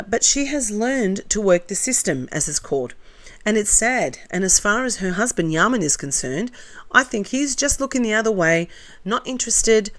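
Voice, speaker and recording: A woman with a somewhat low voice talks close to the mic in a casual commentary video. She reads viewer comments aloud one after another and answers each with blunt, opinionated remarks and chatty asides. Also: a bit bright. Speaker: commentary channel host.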